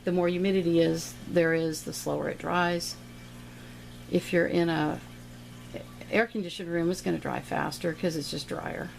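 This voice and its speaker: A middle-aged woman with a slightly gravelly voice talks a viewer through a painting lesson in a chatty, playful way. Her pitch sits in the middle, and she adds little sound effects as she works. A faint hiss of noise runs under the recording. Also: steady tone, normal speed, a little mellow, rough recording. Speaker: painting teacher. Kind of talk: casual step-by-step painting lesson.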